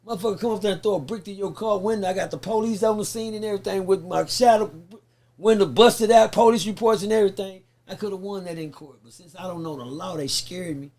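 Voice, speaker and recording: A man, telling a story in a sit-down interview. He talks in an animated, profane way and acts out the people he quotes. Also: high-pitched, quick pace. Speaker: guest.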